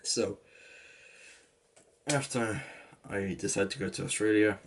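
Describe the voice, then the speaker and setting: A man's voice: on the low side, slow, slight background noise. A young man in his late teens with an English accent, rambling through a casual story with lots of "like" and restarts. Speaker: vlogger.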